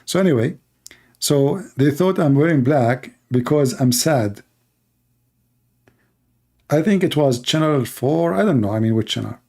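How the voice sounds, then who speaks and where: Man with a middle eastern accent, gravelly, dark voice, blunt mocking livestream talk, broken english. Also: on the high side, expressive, measured pace, pauses often. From Middle East. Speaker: host. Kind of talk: livestream commentary.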